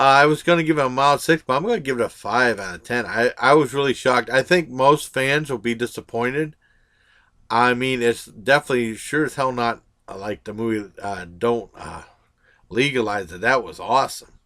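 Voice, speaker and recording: A man's voice: mid-range voice, bright, forceful tone. A man giving a casual movie review, blunt and rambling, with lots of "uh" and restarts.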